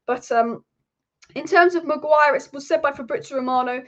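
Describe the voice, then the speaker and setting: A woman hosting a football channel, talking in an opinionated, animated way with frequent restarts, on a dull lo-fi recording. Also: sits high, moderate pace. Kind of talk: casual opinion vlog.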